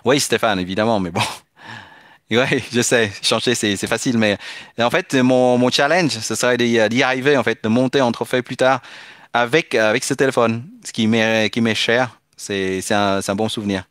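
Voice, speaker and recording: A man's voice: medium pitch, steady tone, a little fast, a bit bright, no echo, studio quality. A man chatting casually with viewers during a live game stream, hesitant and full of restarts. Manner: hesitant, restarts often, switches between French and English.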